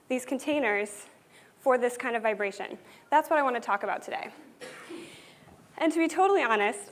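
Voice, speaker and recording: A woman giving a conference keynote to a live audience, talking in an upbeat, earnest and conversational way. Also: sits high. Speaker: conference speaker.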